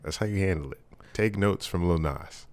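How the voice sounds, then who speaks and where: A man's voice: low-pitched, normal speed, a little mellow, no echo. A young man co-hosting a podcast, talking bluntly and profanely in casual chat that turns into heated ranting. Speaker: podcast co-host.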